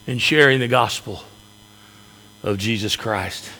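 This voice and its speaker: A man's voice: mid-range voice, moderate pace, sharp tone. A male pastor preaching a sermon in a church with folksy humor. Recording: echoey hall reverb.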